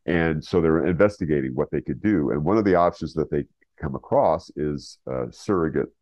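A man's voice: extremely low pitch, moderate pace, a little mellow, no echo. A man retelling a story as an interview guest, rambling with fillers and restarts. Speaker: guest, writer. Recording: slightly dull lo-fi recording.

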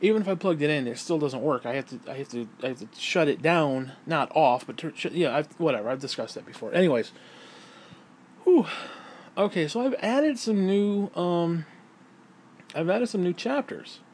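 A man's voice: on the high side, animated, moderate pace, darkish tone, a little hiss or hum. Rambling, cursing man telling stories. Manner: rambling, profane, laughs at own stories. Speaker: vlogger and self-published author. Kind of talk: casual storytelling vlog. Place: indoors, lying in bed.

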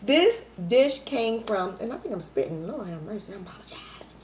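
A young adult woman chatting casually to her viewers in an eating vlog, lively and playful, wired up on coffee. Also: on the high side, moderate pace, a little hiss or hum. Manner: lively, chatty, playful, says y'all a lot. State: hyped up on coffee. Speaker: mukbang vlogger.

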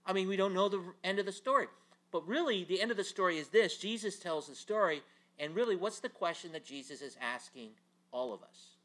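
A man teaching a Bible class, telling the story in an animated way with rhetorical questions. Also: sits high, fairly quick.

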